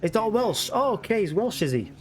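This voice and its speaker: A man's voice: high-pitched, big pitch swings, brisk, a little hiss or hum. A man streaming a life-sim game, chatting casually with viewers in a rambling way and ending many sentences with a questioning tag. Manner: rambling, keeps tagging "yeah?" onto sentences. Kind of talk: casual chat with viewers while playing.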